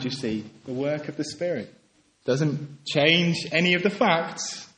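A man preaching a sermon, earnest and pleading, swinging from emphatic peaks to quiet, soft passages. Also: on the high side.

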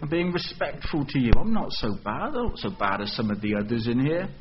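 A preacher voicing an offended churchgoer who bargains defensively. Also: male voice, mid-range voice, very animated, brisk, muffled recording, background noise, pitched above the performer's own voice, lightly acted. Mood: huffy. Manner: huffy, wheedling protest.

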